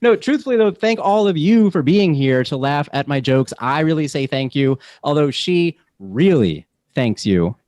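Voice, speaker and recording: A man's voice: on the high side, lively intonation, normal speed, few pauses, darkish tone, no room sound. A young adult man hosting a comedy show on a video call, upbeat and chuckling, with plenty of fillers. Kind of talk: stand-up emcee banter.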